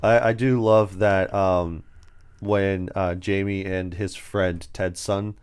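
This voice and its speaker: A young man talks through a film's plot in a loose, rambling way, often slipping into quick impressions of the characters. His voice sits low and comes across smooth and clean. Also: steady tone, darkish tone. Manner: rambling, acts out scenes in voices. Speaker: podcast co-host. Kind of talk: casual movie review chat.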